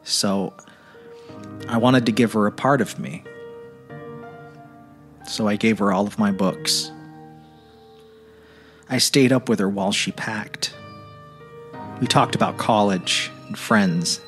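Low quiet guy reading a troubled teen boy's letters, earnest, faint music behind. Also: slow pace, pauses often. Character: troubled teenage boy writing letters. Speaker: narrator.

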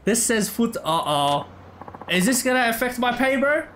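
A man casually commentating his gameplay, excitable, laughing often and saying "bro" all the time. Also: very high voice, moderate pace, a little hiss or hum. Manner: excitable, laughs a lot, says "bro" constantly. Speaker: gameplay streamer. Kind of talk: casual let's play commentary.

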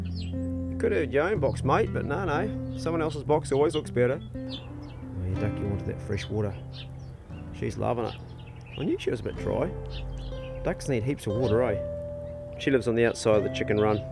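A man, casually vlogging outdoors on his rural property and coaxing his dogs and ducks in a sing-song voice. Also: medium pitch. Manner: easygoing, chatty, coaxing animals in a raised sing-song voice. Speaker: vlogger feeding his dogs and farm animals. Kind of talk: casual outdoor vlog, talking to animals. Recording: music playing behind the voice.

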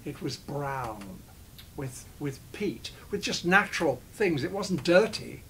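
An older actor shares digressive recollections of old shoots in an interview, his sentences often stalling and restarting. His voice is a little high with big pitch swings, accompanied by a little hiss or hum.

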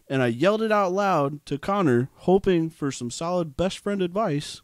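A man's voice: high-pitched, normal speed, few pauses, no echo, clean studio sound. Laughing young man telling a wild story. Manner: animated storyteller, acts out quotes, laughs often. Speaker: podcast co-host. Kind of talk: casual storytelling chat.

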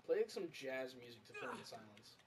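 A man commentating his gameplay in casual banter, excitable, swearing loudly and bursting into shouts and laughter. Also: mid-range voice, fairly quick, over loud music. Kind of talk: casual let's-play banter.

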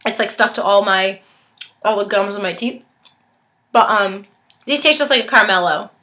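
A young woman's medium-pitched voice comes across bright and forceful at a moderate pace. She's reviewing snacks in a casual unboxing vlog, chatting while she tastes and sometimes talking through a mouthful.

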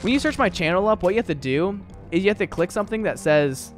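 A man's voice: high-pitched, animated, fast talker, soft background music. A man in his twenties casually chatting with his chat while playing a video game. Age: 20s. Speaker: gaming streamer. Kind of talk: casual live stream commentary.

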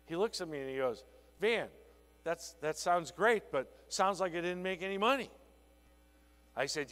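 A man giving a conference keynote on sales, telling an animated story that acts out a conversation with a client. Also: high-pitched, moderate pace, long pauses, in a large hall. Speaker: sales trainer. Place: conference hall.

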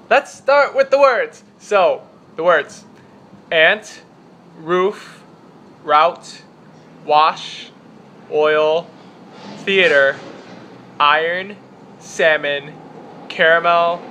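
A man's voice: a little high, bright, forceful tone, slight background noise. A young man from the Chicago area with a Chicago accent, chatting casually and rambling through an accent-tag vlog in his apartment. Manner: chatty, rambling, self-deprecating. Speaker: vlogger. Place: apartment room with window open.

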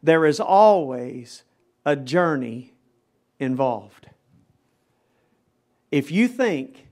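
Fervent middle-aged man preaching in chapel. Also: on the high side. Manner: emphatic, dramatic preaching with rising intensity. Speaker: pastor. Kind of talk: live chapel sermon. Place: chapel service.

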